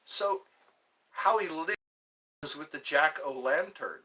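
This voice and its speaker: Male streamer, jokey and meandering, higher voice with a bouncy pitch. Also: expressive, unhurried, sharp tone. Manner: rambling and jokey, drifting between topics. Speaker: livestream host. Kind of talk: casual livestream chat answering viewer questions.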